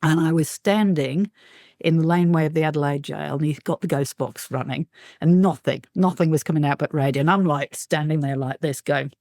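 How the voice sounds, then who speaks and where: Animated woman guest telling ghost stories. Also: sits low, fairly quick, no room sound, clean studio sound. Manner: lively anecdotes, acts out quotes, laughs often. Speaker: guest, paranormal investigator. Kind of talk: animated storytelling in an interview.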